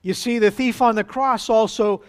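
A pastor preaching a sermon to his congregation, with dramatic pauses and acted-out quotes. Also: high-pitched, steady tone, smooth.

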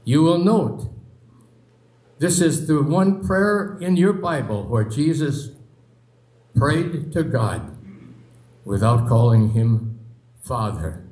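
Slow, dramatic preacher in an echoey room. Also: male voice, very animated, darkish tone. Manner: dramatic, slow, with long pauses and sinking low phrases. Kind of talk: sermon.

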